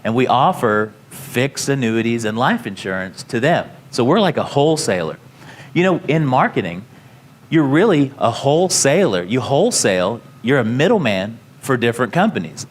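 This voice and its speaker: Everyday man in a casual talk: rambling anecdotes, lots of "you know", mid pitch. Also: big pitch swings, normal speed. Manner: rambling, full of "you know" fillers and restarts. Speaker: company founder speaking to students.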